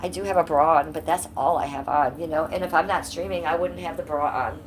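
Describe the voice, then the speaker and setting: A woman's voice: deep voice, steady tone, fairly quick, slight background noise. Brash, blunt woman livestreaming from home. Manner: chatty, talks straight to chat. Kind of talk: casual livestream chat with viewers.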